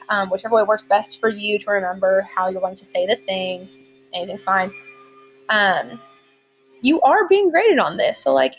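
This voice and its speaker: A woman's voice: mid-range voice, a bit bright. A young adult woman teacher giving a casual recorded lesson from home, chatty and informal, with many fillers. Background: leaf blower outside.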